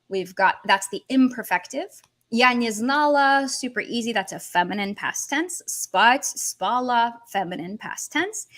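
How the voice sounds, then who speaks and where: Animated woman teaching a lesson. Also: high-pitched. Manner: animated, switches between English, Russian and Portuguese. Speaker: language teacher. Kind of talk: livestreamed language lesson.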